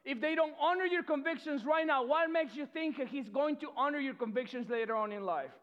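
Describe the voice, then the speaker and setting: High-voiced energetic male preacher. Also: fairly quick. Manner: energetic, repeats words, swings loud and soft. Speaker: pastor. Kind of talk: sermon. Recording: dull lo-fi sound.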